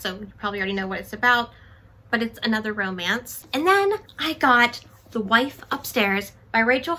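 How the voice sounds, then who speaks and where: Woman, book vlogger, casual haul chat, excitable, self-deprecating, bright sharp tone. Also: on the high side.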